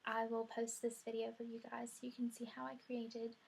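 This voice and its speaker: A woman's voice: on the high side, completely flat delivery, fairly quick, creaky, a little mellow, slight background noise. A young woman, chatting casually through a makeup tutorial and saying "y'all" a lot. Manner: chatty, rambling, says "y'all" often. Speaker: beauty vlogger.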